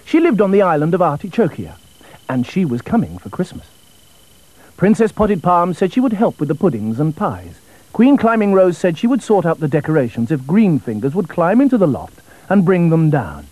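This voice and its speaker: Man narrating a children's story, high lively voice, dry close sound. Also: moderate pace, dry recording, lo-fi sound. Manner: expressive, melodic storytelling.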